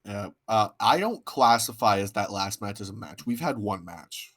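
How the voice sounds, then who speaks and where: A man's voice: lowish voice, expressive, normal speed, fairly bright tone. A man co-hosting a casual podcast, making dry, wry asides and sounding fed up with the show. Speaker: podcast co-host.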